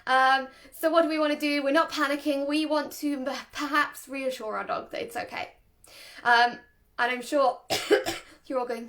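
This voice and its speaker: High-voiced woman, chatty dog trainer. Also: normal speed. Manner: chatty, laughs often, animated. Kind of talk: casual instructional talk.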